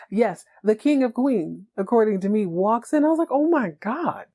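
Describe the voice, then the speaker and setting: Animated woman doing a joking TV recap. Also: mid-range voice, a little slow. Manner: animated, joking, laughs a lot. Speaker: podcast host. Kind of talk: comedic TV episode recap.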